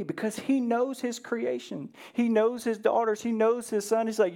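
A pastor preaching in a relaxed, conversational way, with a voice that sits in a middle register. The delivery is earnest and direct. Questions like "right?" come again and again, and the speaker slips briefly into the voices of Bible figures. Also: mid-range voice, moderate pace, hardly any pauses. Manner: earnest, keeps asking "right?" and acts out the Bible figures' lines. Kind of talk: conversational sermon.

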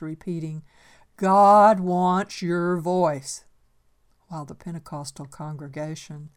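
An older woman gently reading her own memoir aloud in a reflective storytelling manner. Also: deep voice.

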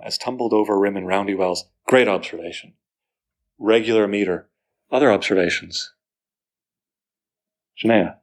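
A man teaching a poetry class, enthusiastic, asking students questions and reading verse aloud slowly. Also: fairly low pitch. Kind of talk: classroom lecture.

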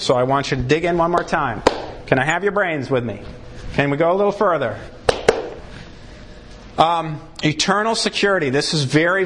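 A man preaching a sermon, acting out short exchanges and punching key words for emphasis. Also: a little hiss or hum. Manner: animated preaching, swings pitch widely for emphasis; acts out short dialogues between God and a sinner. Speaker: pastor.

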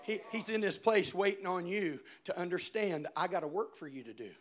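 A male preacher giving a sermon, telling a story with shouted, animated swings. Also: high-pitched, brisk.

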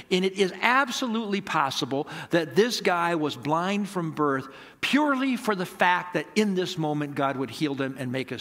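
A man's voice: on the high side, a bit bright, long reverb tail. A middle-aged male pastor giving a conversational sermon, asking rhetorical questions and acting out dialogue from his stories.

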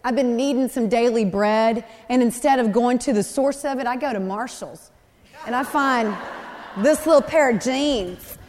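A woman delivers a sermon with an animated, conversational storytelling manner, talking straight to her listeners. Her voice sits high, and it rings with the long reverb of a large hall. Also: normal speed. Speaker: preacher.

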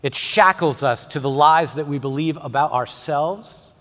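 A male pastor delivering a sermon, swinging from emphatic peaks to soft, intimate tones. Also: fairly high pitch, measured pace. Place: church sanctuary. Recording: long hall reverb.

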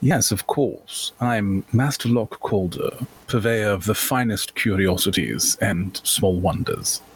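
A genteel gentleman merchant in a tabletop game who speaks in formal, flowery courtesies, as a man plays him. His voice is low and husky. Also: slow pace, exaggerated voice, poor audio. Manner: formal, florid politeness. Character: genteel male curiosities merchant.

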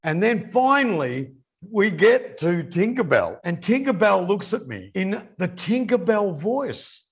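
A man's voice: high voice, measured pace, creaky, breathy edge. A man co-hosting a casual business chat, telling stories with animation. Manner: animated storyteller. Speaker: podcast co-host.

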